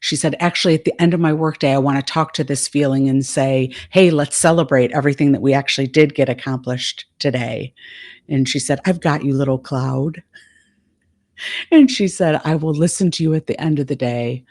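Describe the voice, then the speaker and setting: A woman's voice: extremely low pitch, fairly quick, a little mellow. A woman life coach in a casual monologue, retelling a session and quoting the dialogue back and forth.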